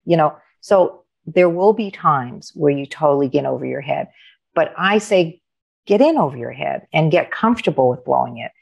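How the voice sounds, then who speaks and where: A woman's voice: sits low, normal speed, vocal fry, breathy edge. A middle-aged woman coach, a guest on an interview, telling stories with animation and acting out the dialogue of other people. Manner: animated, acts out quoted dialogue. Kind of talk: conversational storytelling.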